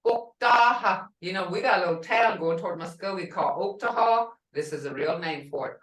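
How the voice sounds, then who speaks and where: A middle-aged woman teaching a language class, saying each word slowly and repeating it for her learners. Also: on the low side, reverberant, recorded from a distance, low-quality recording.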